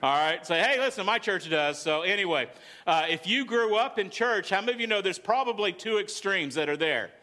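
A male pastor with a Southern US accent preaches in an energetic, conversational way, punctuating his points with "amen." His voice sits high for a man and has a bright, forceful edge. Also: a little fast. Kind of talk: sermon. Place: church sanctuary.

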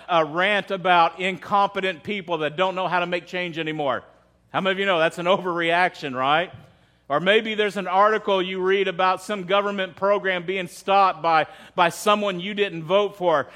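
A man's voice: sits high, sharp tone. A man preaching a sermon as pastor, in a conversational way, often asking the congregation questions and restarting his phrases.

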